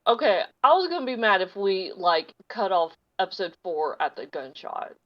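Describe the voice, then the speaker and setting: A woman co-hosting a podcast in casual chat, excitable and swearing freely. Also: medium pitch, moderate pace, dull audio. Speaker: podcast co-host.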